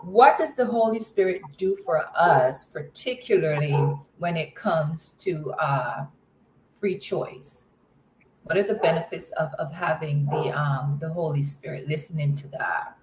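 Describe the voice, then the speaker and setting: A woman leading a Bible study lesson, asking questions and affirming comments in a slow, measured way. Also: sits low, reverberant, a little hiss or hum, rough recording. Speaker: Bible study class leader.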